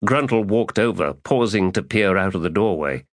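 A man narrating a fantasy audiobook in a measured storytelling voice. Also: on the low side, lively intonation, no room sound, clean studio sound.

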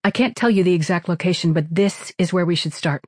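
A woman's voice: fairly low pitch, brisk, no room sound, clean studio sound, close to an everyday voice. Narrator doing an eager young woman scientist.

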